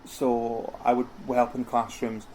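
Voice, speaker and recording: A man's voice: medium pitch, completely flat delivery, slow, a little mellow. A middle-aged man chats about his past as an interview guest. He rambles easily, restarting his phrases and filling gaps. A faint hiss sits under the recording. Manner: chatty, rambling, with many restarts and fillers. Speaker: interview guest, costume house owner. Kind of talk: casual conversational interview.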